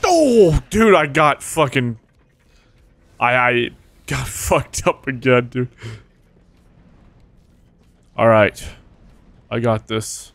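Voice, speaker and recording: A man's voice: medium pitch, extremely slow, pauses often, no room sound. Young male streamer, casual gameplay chatter, heavy swearing, sudden panicked yelps. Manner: excitable, swears often, jumps to yelps when hit. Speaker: gaming streamer.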